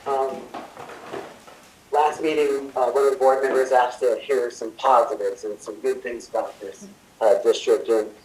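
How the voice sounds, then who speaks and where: A man's voice: medium pitch, steady tone, unhurried, a little mellow, distant mic. Friendly man reporting in echoey hall. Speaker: employee association president giving a report. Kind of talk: prepared report at a meeting.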